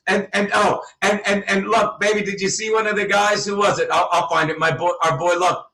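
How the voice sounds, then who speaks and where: A man hosts a livestream and rants in furious, profane bursts, his voice pitched high with a sharp, forceful edge. He sits back from the mic in a room at home, so his voice carries a noticeable roomy echo. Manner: furious, profane, loud outbursts. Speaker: livestream host. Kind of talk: angry livestream rant. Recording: roomy, from a distance.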